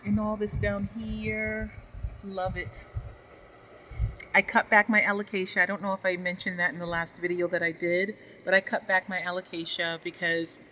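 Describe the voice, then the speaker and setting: A woman's voice: on the low side, pushed and bright, a little hiss or hum, rough recording. A woman vlogging a casual tour of her greenhouse, gushing affectionately and talking to her plants as she walks around with a handheld phone.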